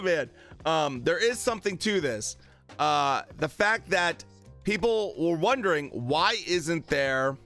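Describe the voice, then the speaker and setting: Bright-voiced chatty male streamer. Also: sits high. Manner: chatty, many fillers, retells quotes. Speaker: boxing streamer. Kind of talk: casual live-stream commentary.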